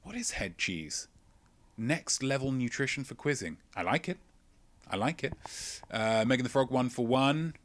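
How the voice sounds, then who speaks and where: A man's voice: mid-range voice, expressive, normal speed. A man hosting a live-streamed quiz, reading out viewers' answers with chatty, self-mocking jokes. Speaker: quiz show host.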